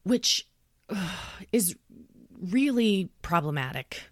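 A woman in her thirties explains things in an earnest, conversational way. Her tone is steady and middle-pitched, and she drops into soft, gentle asides when she quotes herself talking to her son. The recording is dry and close. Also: takes it slowly, no room sound. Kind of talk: conversational podcast talk.

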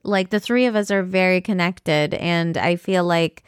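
A woman's voice: lowish voice, normal speed, clean tone, dry recording. Candid rambling young woman, dry sound. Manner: candid, rambling, with fillers and restarts. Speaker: vlogger. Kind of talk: personal vlog talk.

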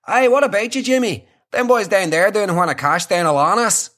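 A chummy Derry lad with a broad, exaggerated accent, put on by an Irish comedian. He talks in a higher, brighter register than the comedian's own and sounds a bit distant from the mic. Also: moderate pace. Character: gruff local man from Derry, male adult.

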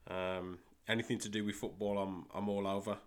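A young man with a West Midlands English accent, hosting a solo soccer podcast and talking in a halting way with many fillers and repeated words. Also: on the low side, level tone, clean tone. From England. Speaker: podcast host and soccer coach.

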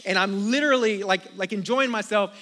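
A man in his thirties from the United States preaching a sermon, telling stories with animated, acted-out outbursts. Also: high-pitched, brisk. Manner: storytelling, animated, acts out his own outbursts. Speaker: pastor. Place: church auditorium with congregation.

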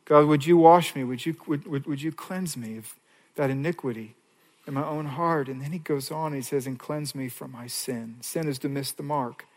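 A man preaches a sermon in a fairly high voice, dropping to hushed pleading and then rising to emphatic, raised lines. His voice carries a long reverb from a large hall. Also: fairly even intonation, moderate pace. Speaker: pastor.

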